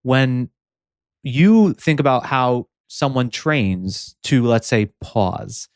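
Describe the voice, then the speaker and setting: A man hosting an interview podcast, asking questions in a measured, affirming way. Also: mid-range voice, lively intonation, dry recording, clean studio sound. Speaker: podcast host.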